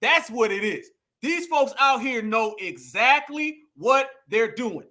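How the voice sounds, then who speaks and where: A man in talks straight to his audience like a preacher, calling them family. His voice sits high and rings bright. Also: expressive, slow pace. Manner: preachy, addresses viewers as family and y'all. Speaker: political commentary host. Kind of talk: casual political commentary.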